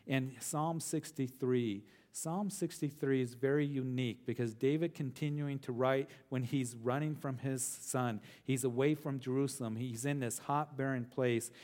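A middle-aged male pastor teaching a verse-by-verse sermon, earnest, repeating phrases for emphasis and slowing down on key words. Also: mid-range voice, steady tone, a little mellow.

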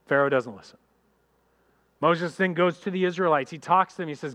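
Here a pastor with a fairly high pitch gives a lively sermon aimed squarely at the congregation, voicing characters rapidly as he goes.

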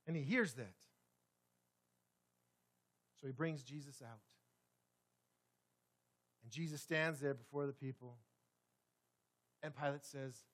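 A man preaching a sermon in a church sanctuary, swinging dramatically between loud, forceful passages and hushed ones. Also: medium pitch, measured pace, pauses often. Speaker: pastor.

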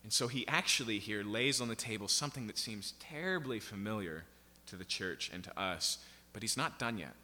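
A man's voice: fairly low pitch, animated, moderate pace, bright, forceful tone. A man preaching an expository sermon from the pulpit, emphatic and checking in with his listeners with frequent "right?" and "okay?". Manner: emphatic, keeps asking the congregation "right?" and "okay?". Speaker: pastor. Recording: long reverb of a large hall.

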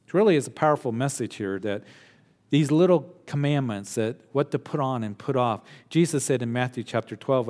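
A man preaching a sermon with an animated, emphatic conversational manner. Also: medium pitch, fairly quick. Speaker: pastor. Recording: long hall reverb.

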